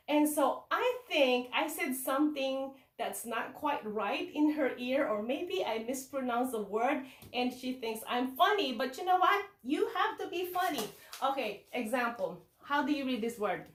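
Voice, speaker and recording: Animated Filipino woman teacher. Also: high-pitched, unhurried, reverberant, far from the mic. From Philippines. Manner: animated, repeats "okay", asks and answers her own questions. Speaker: kindergarten teacher. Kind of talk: teaching tips to fellow teachers.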